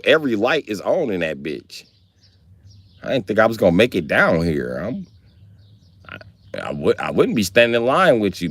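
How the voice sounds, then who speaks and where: A man's voice: fairly low pitch, no room sound. A man on a live stream telling profane, slangy comedic stories in a casual rant. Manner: profane, animated, slangy storytelling.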